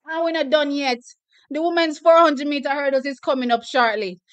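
A Jamaican woman hosting a live-stream watch party, reacting to races with excited, emotional exclamations. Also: high-pitched, brisk, rough recording.

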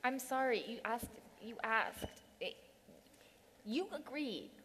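A woman improvising comedy on a live stage, blunt and deadpan. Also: on the high side, takes it slowly. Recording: echoey theater hall with faint noise.

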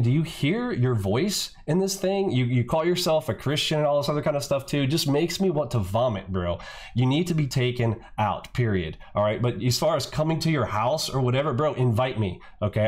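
A man hosting a trading channel, delivering an angry, profane reaction rant that mocks and insults, often tacking on "bro". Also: mid-range voice. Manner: profane, mocking, repeats "bro".

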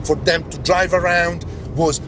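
Animated Italian man, higher voice. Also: unhurried, background noise. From Italy. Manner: animated, switching between English and Italian. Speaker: co-host and chef. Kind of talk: casual travel-show chat.

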